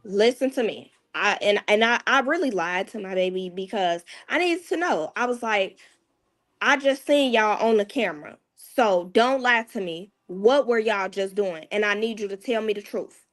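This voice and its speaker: A woman's voice: medium pitch, animated, normal speed. Candid mother telling a hard story. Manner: candid, casual, often dropping to a hushed tone. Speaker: guest, mother. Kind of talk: emotional personal storytelling.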